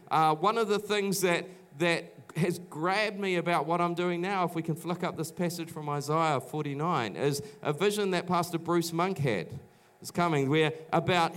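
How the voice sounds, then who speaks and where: A man's voice: sits high, fairly bright tone. A middle-aged man from New Zealand preaching a sermon, telling his own stories in a chatty way with many restarts and acted-out quotes. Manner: conversational storytelling, many restarts, acts out quoted voices. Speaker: pastor. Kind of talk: sermon with personal testimony. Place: church auditorium.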